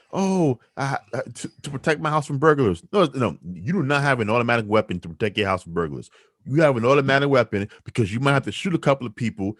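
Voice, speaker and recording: A man hosting a podcast, arguing his opinions in an emphatic, animated way. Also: mid-range voice, no room sound, clean studio sound. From New York City. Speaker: podcast host.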